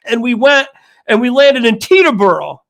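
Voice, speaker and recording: An older man co-hosting a casual sports talk show, telling an animated story and acting out the dialogue. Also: extremely high pitch, normal speed, gravelly. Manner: animated, acts out quoted dialogue. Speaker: co-host.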